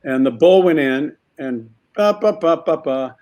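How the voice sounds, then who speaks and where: Animated man telling a wild story. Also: a little high, unhurried. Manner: animated storyteller acting out voices. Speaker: actor guest. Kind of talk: casual anecdote telling.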